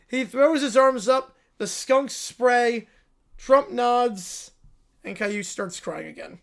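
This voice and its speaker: A livestream host, a man, narrating an improvised comedic story quickly and laughing at his own jokes. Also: very high voice, vocal fry.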